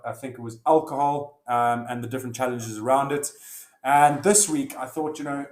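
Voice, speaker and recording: A man's voice: mid-range voice, a little mellow. A man hosting a casual solo podcast, chatty and storytelling, correcting himself as he goes. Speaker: podcast host. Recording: echoey room.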